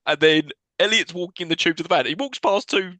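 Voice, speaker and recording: A man's voice: high-pitched, a little fast, pushed and bright, no room sound. A man co-hosting a podcast, casually retelling a film's plot and acting out the characters' lines. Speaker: podcast co-host. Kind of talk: casual film-recap chat.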